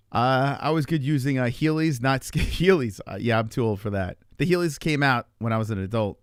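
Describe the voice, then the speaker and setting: A man in his forties telling a long story to his stream chat in a rambling, profane, animated way. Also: mid-range voice, moderate pace, clean tone, no echo, clean studio sound. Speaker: live streamer.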